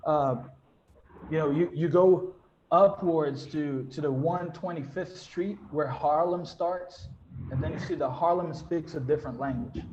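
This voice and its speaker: A man talks on a panel over a video call. His voice sits a little high, and he tells his stories with animation. The audio is dull and lo-fi, with a faint hiss behind it. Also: a little slow, reverberant. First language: Portuguese. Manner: animated storytelling, acts out quoted voices. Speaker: English teacher and panelist. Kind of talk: panel discussion.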